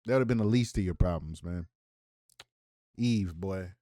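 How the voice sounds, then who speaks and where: A man's voice: deep voice, moderate pace, mellow, no room sound, studio quality. A man hosting reaction commentary on a clip, mocking and incredulous, then delivering preachy rebukes. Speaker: commentator and host.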